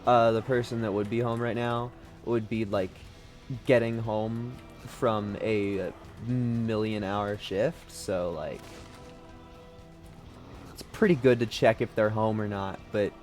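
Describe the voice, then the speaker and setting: A man's voice: on the low side, steady tone, slow, darkish tone, faint music behind. A man streaming a video game from home, giving rambling, self-deprecating, sweary commentary. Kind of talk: casual gaming commentary.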